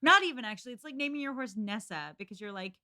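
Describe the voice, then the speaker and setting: A woman's voice: fairly high pitch, lively intonation, sharp tone. Wry woman podcast guest. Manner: wry, quick asides and playful quoting. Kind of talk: casual chat.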